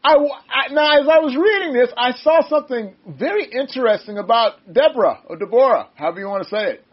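A man leading a casual Bible study discussion, animated and laughing often, with preachy asides. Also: very high voice, fast. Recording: dull lo-fi sound.

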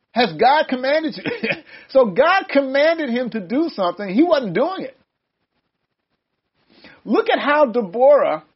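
High-voiced man leading a Bible study. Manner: laughing, animated, preachy asides. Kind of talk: casual Bible study discussion. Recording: dull lo-fi sound.

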